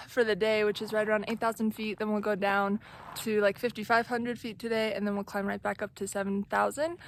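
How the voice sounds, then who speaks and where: Gadatliwa młoda kobieta z Zachodniego Wybrzeża USA. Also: female voice, fairly high pitch, vocal fry, dry recording. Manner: chatty, many "like" fillers, exasperated storytelling. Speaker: thru-hiker vlogger. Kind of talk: casual vlog storytelling. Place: outdoors on a mountain trail.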